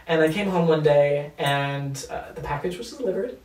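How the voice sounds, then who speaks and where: A man's voice: a little high, expressive, normal speed, darkish tone. Young man guest, casual, cursing, roomy sound with a distant mic. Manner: loose, profane, hesitant with fillers. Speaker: podcast guest. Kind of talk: casual storytelling chat.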